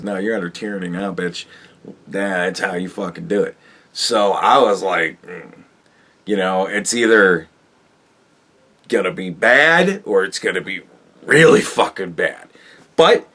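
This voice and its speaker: A man on his own show, ranting and swearing about politics. His pitch jumps all over, swinging from loud, high outbursts to low mutters. His voice sits a little high for a man. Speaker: podcast host.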